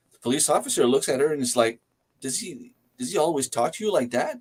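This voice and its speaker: A man's voice: mid-range voice, expressive, fast talker, slightly rough. A man telling a joke in casual chat, acting out the characters. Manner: telling a joke with acted voices.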